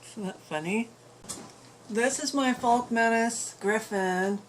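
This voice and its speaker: This time her voice is fairly high and slow, with noise behind it, as the adult mother keeps presenting her puppet collection in a room filled with collectibles. The chat stays casual, upbeat, and rambling, with lots of fillers.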